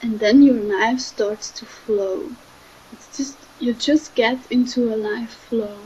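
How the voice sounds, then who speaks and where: A young woman, giving a gentle, halting spiritual talk that often trails off softly. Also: on the high side, fairly even intonation, a little hiss or hum, low-quality recording. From Switzerland. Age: 20s. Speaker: spiritual speaker.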